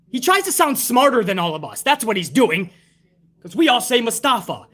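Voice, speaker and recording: A man's voice: very high voice, sing-song, normal speed, fairly bright tone. A man reviewing a wrestling show on a live stream, ranting casually with heavy swearing and sarcasm while reading out viewer tips.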